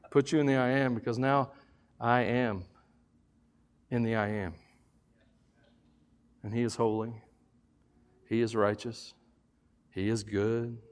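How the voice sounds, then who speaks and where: A man preaching a sermon in church as pastor, swinging between loud preaching and quiet, joking asides. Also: medium pitch.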